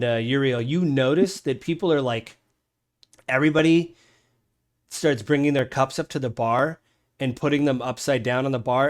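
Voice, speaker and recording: A man narrating as game master of a tabletop game online, rambling with many ums and restarts. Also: mid-range voice.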